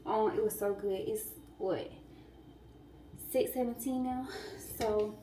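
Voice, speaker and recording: A woman's voice: mid-range voice, fairly even intonation, slow pace, dark tone, a little hiss or hum. A woman in her twenties, a pharmacy student, chatting casually and directly with her viewers while she cooks at home. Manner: chatty, talks straight to viewers as "y'all". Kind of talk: casual chat. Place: home kitchen, cooking. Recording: voice a bit far from the mic.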